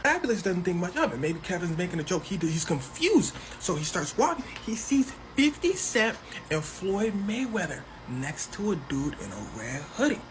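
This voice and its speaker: Lively man telling a comic story. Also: sits high, a little hiss or hum. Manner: animated, slangy, doing quick voices for each person. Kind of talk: fast comedic storytelling.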